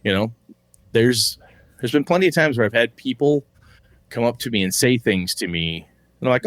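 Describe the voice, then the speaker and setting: A man's voice: mid-range voice, a little fast, no echo. A man co-hosting a casual podcast chat, rambling loosely, swearing offhand and acting out quotes. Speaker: podcast co-host.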